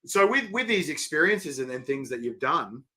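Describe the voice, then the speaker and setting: Bright, chatty Australian man. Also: fairly high pitch, very animated, moderate pace. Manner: chatty, laughs easily, acts out quotes. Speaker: host. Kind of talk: casual interview.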